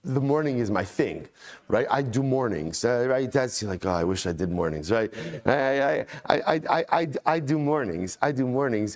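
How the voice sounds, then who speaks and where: A rabbi teaching his daily Talmud class, his voice sitting right in the middle of the usual male pitch range. He chants each passage of the text, then switches to a relaxed, conversational English explanation. He often repeats a phrase to stress a point and builds up real excitement as he goes. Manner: enthusiastic, repeats phrases for emphasis.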